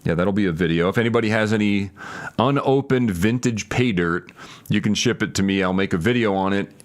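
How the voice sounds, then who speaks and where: Male streamer, deep register, loose rambling gameplay commentary with viewer replies. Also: a little fast. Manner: thinks aloud, hedging and restarting. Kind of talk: casual live-stream chat while gaming.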